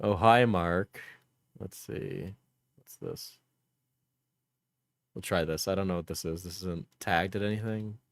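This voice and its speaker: Man streamer doing unhurried reaction commentary, joking with chat, on a dry close mic. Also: low voice, animated, dry recording. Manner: joking, laughs often, talks to chat. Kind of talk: casual livestream reaction commentary.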